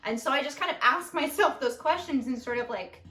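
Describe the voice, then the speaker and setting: A young woman with a fairly high voice talks in an animated, goofy way, acting out her own inner thoughts as she chats. She sits at a distance from the microphone in a room with an echoey, roomy sound. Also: fairly quick. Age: young adult. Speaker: podcast co-host, daughter. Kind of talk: casual conversation.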